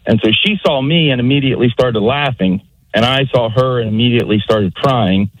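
A man's voice: medium pitch, brisk, no echo, rough recording. A middle-aged father calling into a radio show, earnest and heartfelt. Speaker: caller. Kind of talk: call-in radio advice. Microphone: phone call.

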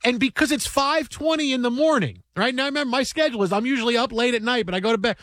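A man hosting a sports radio show, who tells a story in an animated, rambling way and chats casually about baseball. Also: very high-pitched, quick pace, no echo, studio quality.

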